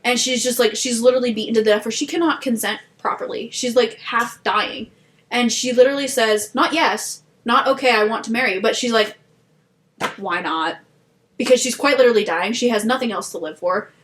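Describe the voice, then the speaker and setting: A young woman co-hosting a podcast, retelling a story in a casual chat with animated indignation and laughter. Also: fairly high pitch, a little fast. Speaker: podcast co-host.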